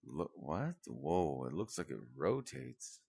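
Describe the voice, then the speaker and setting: A young man with a very low voice talks slowly through a gameplay session, cursing and complaining at the game as he plays. His words are crude and frustrated, spoken into a desk mic with noise and clicking in the background. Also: sing-song, vocal fry. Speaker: gaming streamer. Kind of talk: gameplay commentary.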